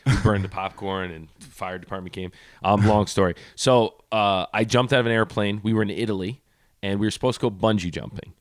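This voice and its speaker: A man's voice: lowish voice, brisk, no echo. A man co-hosting a podcast, telling a story in casual chat and acting out the people in it, on a studio mic. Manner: animated, acts out the people in his stories. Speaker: podcast co-host.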